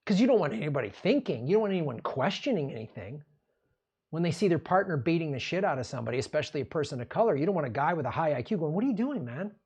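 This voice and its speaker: A man's voice: fairly high pitch, big pitch swings, very fast, darkish tone, breathy edge, dull audio. A man hosting a political commentary show, ranting in an angry, sarcastic and profane way.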